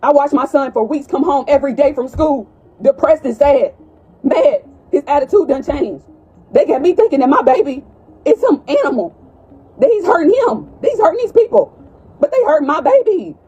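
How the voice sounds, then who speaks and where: A woman's voice: high-pitched, expressive, moderate pace, mellow, dull audio. A mother confronting school staff indoors, distraught and pleading, repeating her accusing questions, filmed on a phone.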